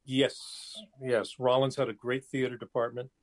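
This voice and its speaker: A man in his seventies, a guest talking casually over his cell phone, pausing often with fillers and restarts. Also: medium pitch, flat delivery. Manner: hesitant, many fillers and restarts. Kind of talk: casual interview chat.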